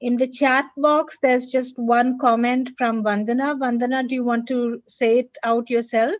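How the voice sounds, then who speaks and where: A woman moderates a panel over a video call, her voice sitting somewhat high. She keeps her hand-offs polite and brief, and her audio comes through dull and lo-fi. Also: little pitch movement, moderate pace, no room sound. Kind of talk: moderating a discussion.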